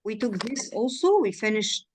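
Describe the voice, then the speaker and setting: A woman with a fairly high voice gives a one-on-one online English lesson. She is a native Arabic speaker and talks over a video call. She is patient and clear, repeating words for the student and often checking "okay?". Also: sing-song, normal speed, a little hiss or hum. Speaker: English tutor.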